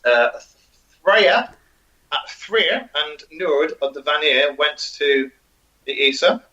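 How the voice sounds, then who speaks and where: A man's voice: on the high side, expressive, slow, pushed and bright. A man co-hosting a casual podcast, reading out notes with many ums and joking asides. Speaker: co-host. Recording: muffled lo-fi audio.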